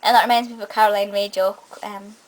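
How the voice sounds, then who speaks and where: A woman's voice: medium pitch, level tone, fast, low-quality recording. A young woman giving an enthusiastic, chatty spoken review of a TV episode, often restarting her sentences. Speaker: film and TV reviewer.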